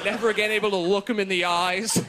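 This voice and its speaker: A man in his twenties doing a stand-up routine on a TV comedy show, deadpan with sudden shouted bursts. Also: sits high, fast talker, very noisy. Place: TV studio stage before an audience.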